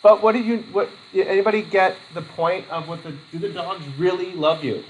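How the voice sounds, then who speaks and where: A man's voice: high-pitched, steady tone, normal speed, a little hiss or hum, rough recording. A man from Vermont giving a casual college lecture, rambling with jokey asides.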